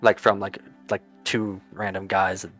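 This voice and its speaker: Guy gm narrating a tabletop game, lowish voice, lots of uhs, faint music behind. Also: level tone, a bit bright. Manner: halting, many fillers and restarts. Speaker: game master.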